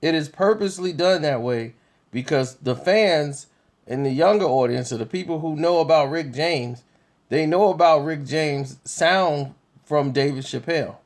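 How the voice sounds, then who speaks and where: A man talking casually to his viewers in an unhurried, conversational way, laughing easily. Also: a little high. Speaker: video commentator.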